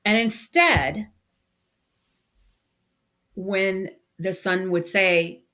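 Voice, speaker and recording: A woman's voice: on the low side, measured pace. A woman co-hosting a podcast, telling a story in casual conversation and acting out the people she quotes. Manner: animated storyteller, acts out quoted voices. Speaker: podcast co-host.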